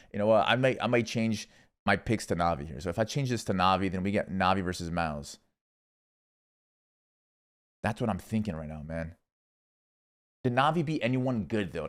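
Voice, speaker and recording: A young man streaming, casually rambling through esports predictions with lots of swearing and thinking out loud. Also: fairly low pitch. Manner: rambling, profane, thinking aloud.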